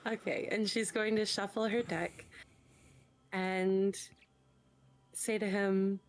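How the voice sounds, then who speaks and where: A woman's voice: mid-range voice, little pitch movement, slow, long pauses. A woman playing a tabletop game, describing her character's actions in a playful, giggly way.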